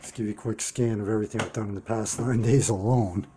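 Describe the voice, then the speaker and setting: A man talking straight to his viewers in an unscripted monologue, earnest and halting, repeating key words for emphasis. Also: on the low side, fairly even intonation, noisy background. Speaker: vlogger running a one-person channel.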